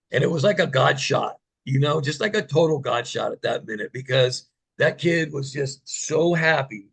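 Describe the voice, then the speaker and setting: A man, an interview guest, telling stories in a casual, enthusiastic way and dropping soft for quoted moments. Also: medium pitch, expressive, normal speed, creaky, husky, low-quality recording. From United States. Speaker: interview guest, former TV gladiator. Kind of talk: casual storytelling.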